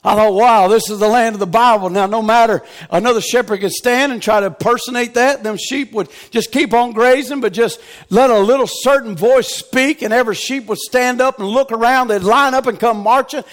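Preacher man, high voice, fervent sermon, shouts and soft whispers. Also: brisk, hardly any pauses. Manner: swings from shouted exhortation to hushed, near-whispered tenderness. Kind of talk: revival sermon.

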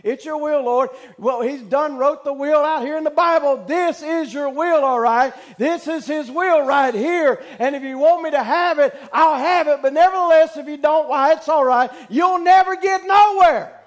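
A male preacher delivering a fervent sermon, shouting out loud cries and then dropping to hushed talk. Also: extremely high pitch, normal speed, hardly any pauses.

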